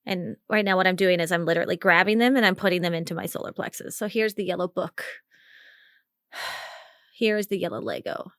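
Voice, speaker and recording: A woman's voice: lowish voice, brisk, fairly bright tone, no echo, clean studio sound. A woman hosting a live coaching call, chatty and encouraging, laughing often as she guides the talk. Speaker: podcast host and communication coach.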